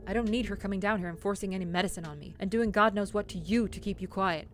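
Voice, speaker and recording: A woman voicing a shy, sickly young man in a story game, speaking quietly and in a subdued way. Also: sits high, quick pace, soft background music, lightly acted. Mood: tender.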